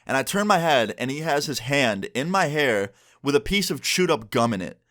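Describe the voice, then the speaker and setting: A man's voice: medium pitch, big pitch swings, moderate pace, a bit bright. A young man telling a personal story in a casual storytime vlog, chatty and conversational. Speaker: YouTuber and streamer.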